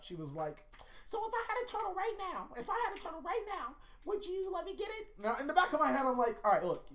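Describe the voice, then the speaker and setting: A woman hosting a card-game countdown video, talking in a casual, profane way and telling rambling joke anecdotes. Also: on the high side. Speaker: YouTube card-game host. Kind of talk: casual comedic countdown commentary.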